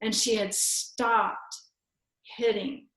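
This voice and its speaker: This middle-aged guest's voice sits on the high side, a bit bright, with fairly even intonation and drawn-out words. She reflects earnestly on personal stories in podcast conversation, frequently starting sentences over, amid a roomy echo.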